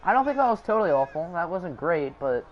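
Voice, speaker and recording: On this lo-fi live stream, a young man with a high voice talks quickly and swings widely in pitch as he commentates a sim football game. As the channel host, he's chatty and playful, responding to live chat and cracking jokes.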